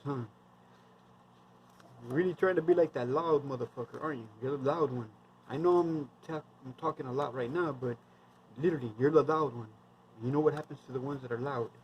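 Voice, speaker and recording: A man's voice: mid-range voice, darkish tone, slight background noise, rough recording. A man in his thirties, a military veteran, telling war stories in a rambling, blunt, heavily profane casual monologue.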